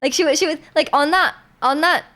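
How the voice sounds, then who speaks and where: A woman's voice: high voice, fairly quick, fairly bright tone. A young woman from Canada chatting casually with viewers on a live stream, rambling with lots of fillers and laughs.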